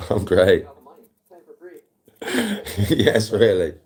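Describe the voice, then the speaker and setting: A British man hosting a casual morning livestream, animated, laughing often and talking straight to his chat. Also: lowish voice, extremely slow. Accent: British English. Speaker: livestream host.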